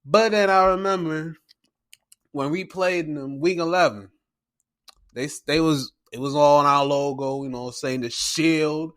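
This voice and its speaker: Male podcast host, casual sports recap, slangy and profane, bright and forceful delivery. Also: on the high side, a little slow. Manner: excitable and slangy, swears freely; retells games by acting out his own reactions.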